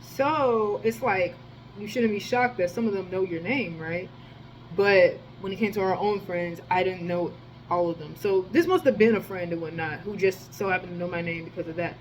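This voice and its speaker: A woman telling a rambling personal story in a casual, profane monologue, with sudden jumps in loudness. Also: on the low side, normal speed, slight background noise, poor audio. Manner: rambling, slangy and profane, with many restarts. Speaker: storyteller vlogger.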